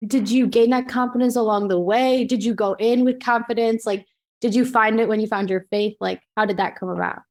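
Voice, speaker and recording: A woman's voice: on the high side, fairly even intonation, a little fast, a little mellow. Hesitant young woman asking a question. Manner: hesitant, full of "like" fillers. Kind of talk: casual interview question.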